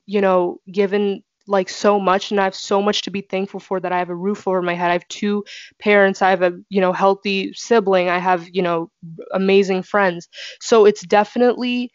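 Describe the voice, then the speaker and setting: A woman's voice: medium pitch, dry recording. A young woman talking earnestly about gratitude in a casual discussion, with many fillers. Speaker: panelist. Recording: dry dull lo-fi audio.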